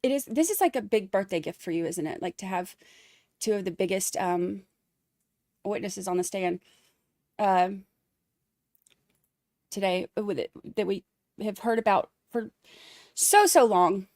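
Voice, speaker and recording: A woman's voice: medium pitch, measured pace, pauses often, a little mellow, no room sound, studio quality. A woman hosting a casual livestream, chatting with viewers and reading their messages aloud with plenty of fillers. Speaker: livestream host.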